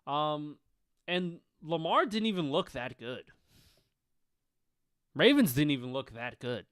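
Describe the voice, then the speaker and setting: A man's voice: fairly high pitch, lively intonation, slow pace, a bit bright, clean tone, no echo, clean studio sound. A man co-hosting a sports podcast, loose and profane, trailing off with fillers as he recaps a game. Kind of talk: casual sports chat.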